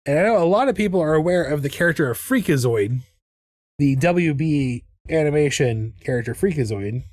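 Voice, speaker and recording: A man's voice: on the high side, darkish tone, dry recording. A man chatting casually on a live art stream, rambling and restarting his sentences. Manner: rambling, with many restarts and laughs.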